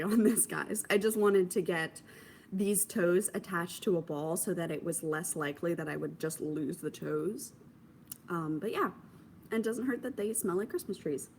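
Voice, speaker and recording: A young woman hosting a knitting podcast, chatting casually while showing her projects, amused at herself and dropping into soft asides. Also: fairly low pitch, slight background noise. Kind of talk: casual show-and-tell chat to camera.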